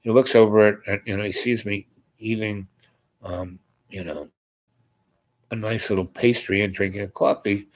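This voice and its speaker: A man hosting a show, telling a long personal story in a meandering, halting way and acting out the dialogue. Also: fairly low pitch, fairly even intonation, low-quality recording. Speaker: host.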